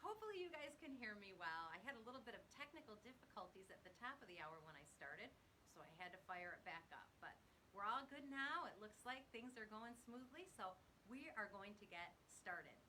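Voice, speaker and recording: A woman's voice: mid-range voice, expressive, brisk, bright, forceful tone, a little hiss or hum, poor audio. A woman hosting a live stream, chatting casually and greeting her viewers one by one by name in an upbeat, bubbly way.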